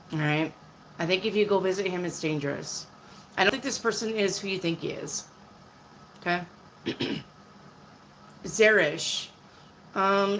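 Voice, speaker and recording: A woman's voice: medium pitch, fairly bright tone, slight background noise, rough recording. A woman in her fifties, a tarot reader on a live stream, answering viewers' questions in a blunt, chatty way. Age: 50s.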